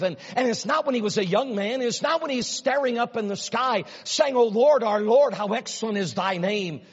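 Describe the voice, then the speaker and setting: In a church hall thick with long reverb, a preacher with a husky, high voice delivers a sermon as dramatic storytelling. His lines drop to quiet murmurs, then surge to loud, high peaks, all on a slightly dull recording.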